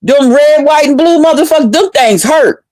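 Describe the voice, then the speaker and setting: Profane storytelling woman, high-pitched. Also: normal speed, no echo. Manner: animated, profane, acts out relatives' voices. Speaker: vlogger. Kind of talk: casual storytelling to viewers.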